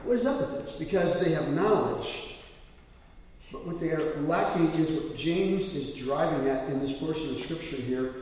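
A man's voice: a little high, unhurried, a little mellow. A man preaching as pastor, moving from scripture reading into loose, filler-laden storytelling. He is heard from far off the mic. A long, roomy echo fills the church around him. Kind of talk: sermon. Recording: echoey church hall from far off.

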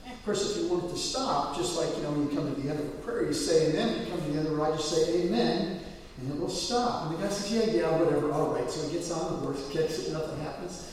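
Male pastor, sermon storyteller who builds to loud peaks; slightly high voice, distant mic, long church reverb. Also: fast talker, slight background noise. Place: church sanctuary. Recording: echoey hall, mic from afar.

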